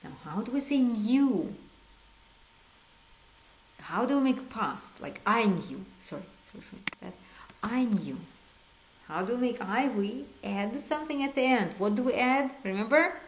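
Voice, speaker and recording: A woman teaching an online language lesson, coaxing learners with quiz prompts and slow drilled phrases. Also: a little high, animated, slight background noise. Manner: switches between slow drilled phrases and quick repeats. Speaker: Hebrew teacher.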